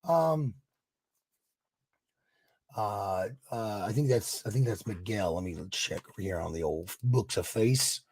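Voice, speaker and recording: A hoarse man hosting a casual live stream, warmly reading viewers' chat aloud with rambling restarts and quiet mutters. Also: lowish voice, lively intonation, unhurried, long pauses. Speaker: streamer host.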